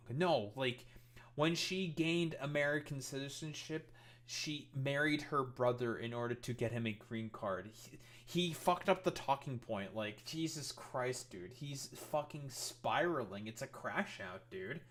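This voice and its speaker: A man's voice: medium pitch, moderate pace, fairly bright tone. A man streaming casual commentary, exasperated and profane as he mocks what he reads.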